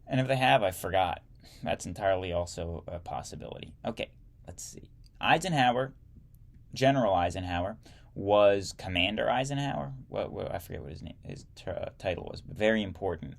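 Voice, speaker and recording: A man's voice: low voice, vocal fry. Man reading history aloud, stumbling. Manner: stumbles and corrects himself while reading, adds wry asides. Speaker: podcast host reading a history text.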